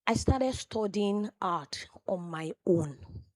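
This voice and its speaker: A woman with a Nigerian accent delivers a personal tribute as a lively storyteller. Her voice sits at a middle pitch, and she drops exclamations and asides to the crowd. The sound is dry, with little room echo. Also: measured pace. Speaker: tribute speaker at a memorial event.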